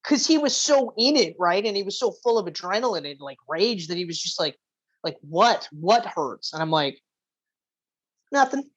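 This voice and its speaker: A woman co-hosting a podcast, chatting casually about video games, telling animated stories and swearing freely. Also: fairly low pitch, brisk. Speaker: podcast co-host. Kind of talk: casual gaming chat. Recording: muffled lo-fi audio.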